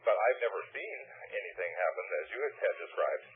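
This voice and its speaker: A man in his fifties calls in to a radio show, fast and insistent. His voice is very raspy. It reaches the listener through a thin phone line. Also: low-pitched, animated. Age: 50s. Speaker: caller. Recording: tinny telephone line on radio.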